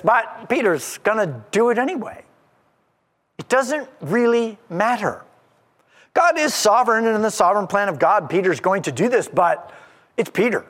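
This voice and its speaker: A male preacher talks slowly and deliberately through a sermon, pressing each point with emphatic repetition. His high voice swoops up and down. It rings out with long reverb in a church sanctuary. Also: fairly bright tone. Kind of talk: expository sermon.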